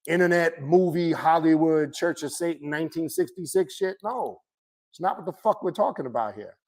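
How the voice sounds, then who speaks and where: A man's voice: high voice, brisk. A man teaching about the occult in a blunt, profane, impassioned lecture to his viewers. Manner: blunt, profane, animated ranting.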